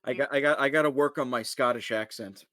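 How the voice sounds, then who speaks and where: A man playing in a tabletop game, chatting casually in an excitable, jokey way. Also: medium pitch, fast talker, no echo, clean studio sound. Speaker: player.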